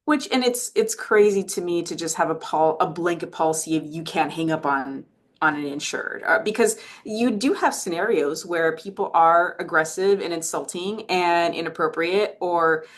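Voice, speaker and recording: A woman's voice: fairly low pitch, moderate pace. A woman hosting a podcast, chatting conversationally and affirming her guest often. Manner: conversational, frequent affirming backchannels. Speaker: podcast host. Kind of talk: casual podcast chat.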